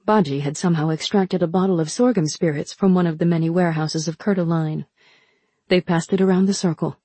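A woman narrating a novel in a steady, measured reading. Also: fairly low pitch, breathy edge, no room sound. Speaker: audiobook narrator. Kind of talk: scripted narration.

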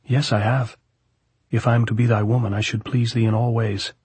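A man with a husky voice reading the part of an eager, adoring young woman in an audiobook, in earnest, old-fashioned speech. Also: mid-range voice, little pitch movement, brisk, darkish tone, no echo.

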